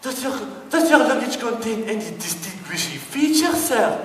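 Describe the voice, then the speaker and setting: A man's voice: very high voice, sing-song, normal speed, fairly bright tone, a little hiss or hum, voice pushed up, full character voice. A man voicing a prim, politely officious woman at an airport service desk. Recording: distant, echoey hall with long reverb.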